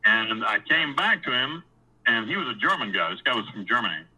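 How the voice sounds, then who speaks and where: Brisk and husky, with a mid-range voice, a man recounts his own experiences over a rough recording. He speaks bluntly and profanely in a loose, rambling style with many restarts and repetitions, livening up when he narrates scenes.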